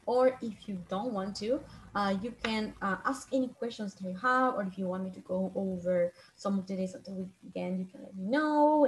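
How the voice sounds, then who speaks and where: A woman teaching an online class on a video call, patiently repeating and translating phrases slowly. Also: medium pitch, a little hiss or hum.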